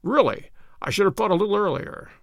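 A man giving voice to a shrewd detective, polite and probing, never hurried. The tone is gravelly and fairly high with lively turns, recorded dry and close. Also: no room sound, full character voice. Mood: courteous. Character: calm, shrewd male detective, courteous.

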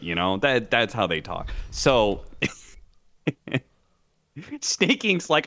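A man's voice: mid-range voice, lively intonation, a little slow, bright, forceful tone. A young man co-hosting a casual podcast, swearing freely and acting out quoted lines with lots of energy. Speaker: podcast co-host. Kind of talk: casual chat.

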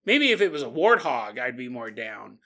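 A man's voice: medium pitch, very animated, normal speed, bright, forceful tone. A man hosting a podcast, rambling through a comedic monologue and slipping into silly voices. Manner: rambling, jokey, slips into silly put-on voices. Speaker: podcast host.

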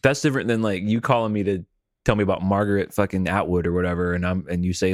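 A man hosting a casual comedy podcast, with a voice that sits a little low. He tells stories in a loose, easygoing way, and the close mic keeps the sound dry. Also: fairly even intonation, quick pace, dry recording. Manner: laid-back, rambling storyteller. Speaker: podcast host.

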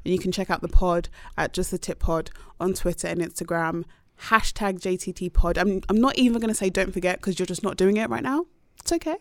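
A woman's voice: fairly low pitch, fairly quick, few pauses, dry recording. A woman in her twenties hosting a casual podcast, chatty and giggly. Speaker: podcast host.

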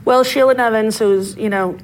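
A middle-aged woman, a comedian telling stories in a casual interview and acting out quotes with big jumps in pitch. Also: normal speed, a little hiss or hum, low-quality recording. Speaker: comedian guest.

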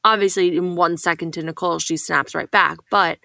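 A woman co-hosting a casual pop-culture podcast, animated and gossipy, swearing casually. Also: on the low side, fairly quick, vocal fry, dry recording. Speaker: podcast co-host. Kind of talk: casual chat about reality TV.

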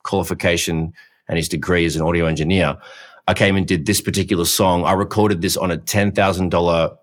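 Deep-voiced man telling stories. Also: steady tone, fairly quick. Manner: storytelling, enthusiastic, swears. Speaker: podcast co-host. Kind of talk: casual chat.

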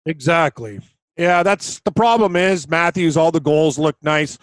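A male podcast co-host with a slightly higher-than-usual voice, sounding blunt and fed up as he talks through his picks. He rants plainly and directly. The recording is close and dry. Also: measured pace, no echo. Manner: blunt, exasperated ranting. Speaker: podcast co-host, hockey betting. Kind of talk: casual sports betting chat.

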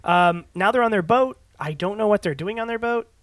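A man's voice: high voice, brisk, a bit bright. A man co-hosting a podcast, recapping a film in rambling casual chat and laughing often. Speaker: podcast co-host. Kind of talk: casual movie-discussion chat.

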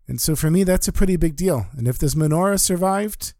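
A man plays a resolute shop owner in a spoken story, firm and conversational. His voice is warm and dark, with a dry close sound. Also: a little high, expressive, brisk, no room sound, voice pushed up.

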